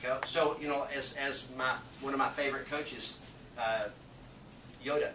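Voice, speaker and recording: A man giving an energetic motivational training talk to a live audience, often checking in with "okay?". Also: medium pitch, moderate pace. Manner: energetic, punchy, keeps asking "okay?". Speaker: real estate sales trainer. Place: meeting room with a live audience. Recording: echoey, distant, noisy room recording.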